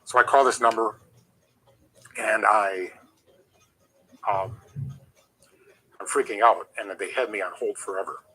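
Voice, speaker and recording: A middle-aged man, a former wrestler, telling rambling, animated stories as an interview guest. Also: fairly low pitch, a little slow, long pauses, slightly rough, low-quality recording. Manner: rambling, animated anecdotes with restarts. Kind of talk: casual storytelling.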